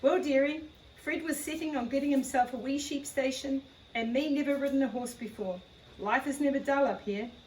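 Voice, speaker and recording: A woman's voice: sits high, moderate pace, darkish tone, slight background noise, natural voice. A woman reading the part of a talkative little Scottish farm wife and former nurse, with a light Scottish accent and a homely, chatty manner. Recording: echoey room, far from the mic.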